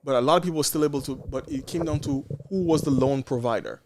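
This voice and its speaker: A man's voice: fairly high pitch, quick pace, darkish tone, a little hiss or hum. A man from Canada, a nurse and podcast guest, telling a story in casual chat and acting out quoted exchanges with frequent restarts.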